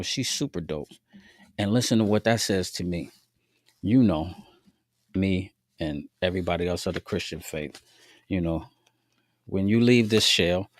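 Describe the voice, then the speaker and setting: A man's voice: sits low, no echo. A man hosting a podcast, telling faith-based stories in a laid-back, slangy way with frequent asides to listeners. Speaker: podcast host. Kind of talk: casual faith-based storytelling.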